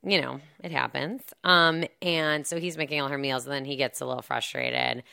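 A woman's voice: low-pitched, fairly even intonation, moderate pace, gravelly, bright, forceful tone, smooth. A woman casually recapping a film plot in a chatty, sarcastic way, full of fillers and asides. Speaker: podcast co-host recapping a film. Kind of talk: casual chat.

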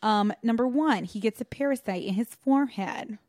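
A woman's voice: a little high, moderate pace, a little mellow, no echo, studio quality. A young woman casually recapping a film on a podcast, rambling with lots of fillers and laughing often. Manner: giggly, rambling, many fillers and quoted voices. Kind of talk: casual comedic recap chat.

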